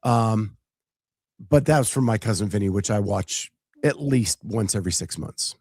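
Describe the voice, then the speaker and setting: Smooth-voiced man telling chatty stories. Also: fairly low pitch, lively intonation, normal speed, a little mellow, no echo. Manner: chatty storyteller, quotes movie lines. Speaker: podcast co-host. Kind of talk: casual chat.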